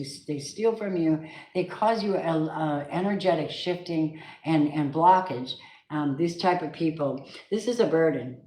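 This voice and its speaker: A woman's voice: fairly low pitch, a little mellow. A woman giving a casual, emphatic tarot reading, talking straight to her viewers. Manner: chatty, emphatic, sings snatches of songs. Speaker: tarot reader. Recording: echoey room with faint noise.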